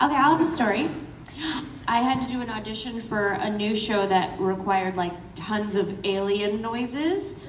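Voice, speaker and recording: A woman's voice: mid-range voice, normal speed. A woman voice actor on a convention panel, telling a self-deprecating audition story in a chatty way. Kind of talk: panel anecdote. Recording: roomy hall from far off with crowd noise.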